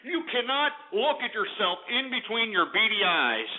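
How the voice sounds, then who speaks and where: Ranting high-voiced male radio host. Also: very animated, moderate pace, few pauses. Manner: loud, insulting, ranting. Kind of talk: abrasive call-in radio talk. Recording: lo-fi phone-quality internet radio.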